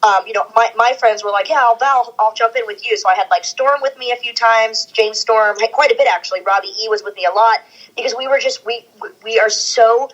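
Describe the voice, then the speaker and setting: Woman podcast guest, animated storyteller, rapid delivery, dull lo-fi audio. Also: on the high side. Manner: animated storyteller, acts out quotes. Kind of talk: casual chat.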